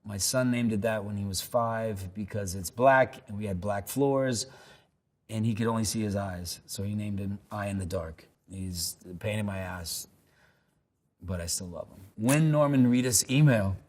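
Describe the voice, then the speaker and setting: A man with a lowish voice talks casually through a string of questions. He rambles and restarts, slipping into loose anecdotes with dry self-deprecation. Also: normal speed, a little mellow. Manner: laid-back, rambling, self-deprecating storyteller. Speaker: actor answering web search questions. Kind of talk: casual unscripted answers and anecdotes. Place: lives in New York.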